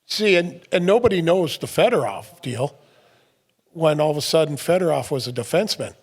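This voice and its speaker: A middle-aged man co-hosting a casual podcast chat, telling lively stories, laughing often and acting out what others said. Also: fairly high pitch, normal speed. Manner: animated storyteller, laughs often, acts out quotes. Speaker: podcast co-host.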